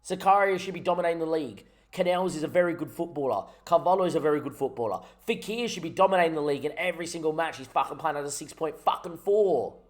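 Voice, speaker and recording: A man's voice: fairly high pitch, fast talker, hardly any pauses. A young man giving frustrated, rambling commentary over his own gameplay, swearing often. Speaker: gaming YouTuber.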